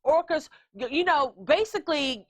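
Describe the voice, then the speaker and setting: A middle-aged woman hosting a podcast, telling a story with animated comic commentary and acting out voices. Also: high voice, normal speed. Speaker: podcast host. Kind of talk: casual comedic commentary.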